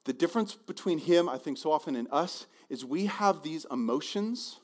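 A male pastor preaching a sermon in a conversational, animated way, often repeating words as he goes. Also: a little high, normal speed.

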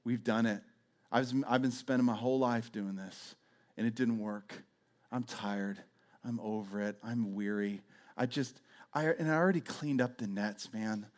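A man's voice: mid-range voice, sing-song, brisk, hardly any pauses, husky. A man voicing a weary adult fisherman who is tired of trying, speaking in sighing, repeated phrases. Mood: weary, defeated. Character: weary adult male fisherman, worn out and doubtful.

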